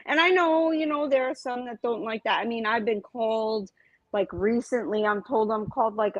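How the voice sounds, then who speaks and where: Sharp-tongued woman guest, dry sound. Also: a little high, normal speed, no echo, highs cut off. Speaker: stream guest. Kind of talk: casual chat.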